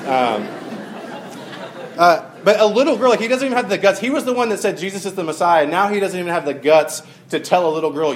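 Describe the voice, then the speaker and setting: A man's voice: high voice, lively intonation, fairly quick, a faint crowd. A man giving a casual, conversational sermon to a live audience, with many fillers and joking asides. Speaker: preacher.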